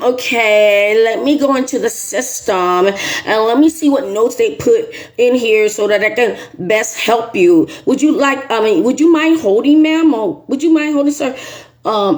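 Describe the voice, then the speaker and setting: A woman's voice: fairly high pitch, moderate pace, lightly acted. A woman voicing an overly polite female customer service agent with sugary, scripted politeness. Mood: syrupy polite.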